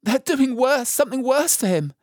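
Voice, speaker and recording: A man voicing a frightened, eager young girl in a storybook reading, high and breathless. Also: moderate pace, dry recording, studio quality. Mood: anxious.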